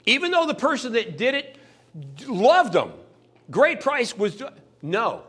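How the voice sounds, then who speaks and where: A man's voice: very high voice, measured pace, husky. A man giving a motivational sales training talk, acting out customers and salespeople in little scenes. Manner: animated, acts out customers' voices in little scenes.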